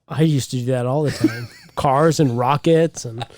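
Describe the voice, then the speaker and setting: A man's voice: mid-range voice, normal speed, a little mellow, no room sound. A man hosting a podcast, ribbing his co-host in crude, profane casual banter. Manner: crude, teasing, heavy swearing.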